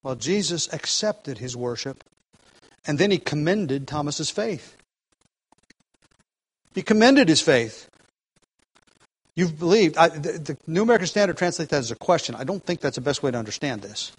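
A man's voice: on the high side, animated, normal speed, breathy edge, rough recording. A man preaching an expository sermon, earnest and emphatic, restarting phrases and shifting his pace.

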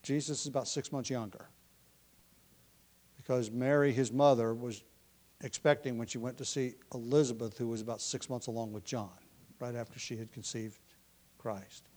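A man delivers an expository sermon in a steady, slightly mellow voice at normal speed, with long pauses. When reading scripture he grows emphatic, rising in pitch and volume, and he adds conversational asides with restarts and light laughs.

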